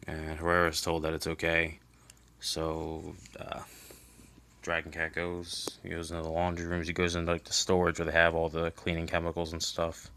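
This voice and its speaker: A man's voice: low voice, monotone, moderate pace, bright, forceful tone, clean tone. A man giving a loose, rambling recap of a comic book in casual chat, full of fillers and restarts, swearing offhandedly.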